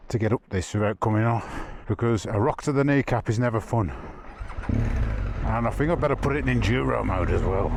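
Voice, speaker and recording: A man riding a motorbike on rough trails, chatting to himself and the camera in a casual, self-mocking way. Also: lowish voice. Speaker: motorcycle vlogger. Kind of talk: casual running commentary while riding. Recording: outdoor wind and engine noise.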